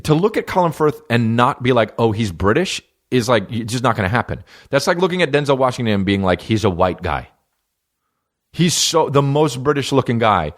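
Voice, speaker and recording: A man's voice: medium pitch, animated, fast talker, hardly any pauses. A middle-aged man hosting a podcast, rambling loosely through tangents with lots of swearing and restarts. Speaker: podcast host. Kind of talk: casual rambling monologue.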